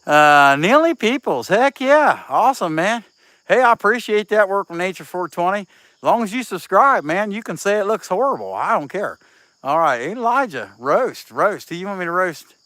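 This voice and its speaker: A man's voice: high voice, big pitch swings, normal speed, sharp tone, dry recording. A middle-aged man chatting casually on a livestream while he carves. He reads viewer comments aloud in a laid-back way and sounds a little sniffly from a cold. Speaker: chainsaw carver streaming live. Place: outdoor workshop.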